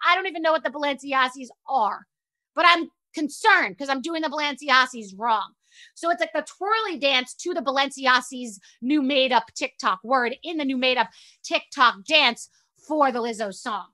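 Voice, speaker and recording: A woman hosting a show, talking in a casual, animated, profane rant that mocks herself. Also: sits high, normal speed. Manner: animated, profane, self-mocking. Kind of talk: casual ranty monologue.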